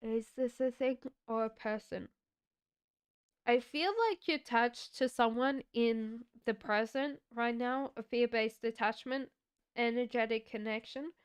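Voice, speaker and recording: A woman reads tarot cards on a live stream, taking her time over each card in a reflective, chatty way. Her voice is very clear and a little high. The sound is dry and close, with no room echo. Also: fairly even intonation. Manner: slow, reflective, chatty with giggles. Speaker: tarot reader.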